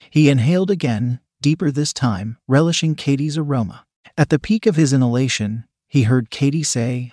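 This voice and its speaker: A man's voice: mid-range voice, normal speed, darkish tone, slightly rough, dry recording. Man reading a story in a dry voice. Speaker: narrator. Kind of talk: scripted erotic story narration.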